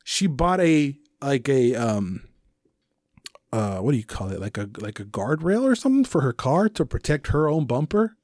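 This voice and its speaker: A young man on a casual podcast, telling a story with lots of swearing and acting out the lines he shouted. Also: medium pitch, moderate pace, no room sound, clean studio sound. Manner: profane animated storytelling, acts out shouted quotes. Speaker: podcast co-host.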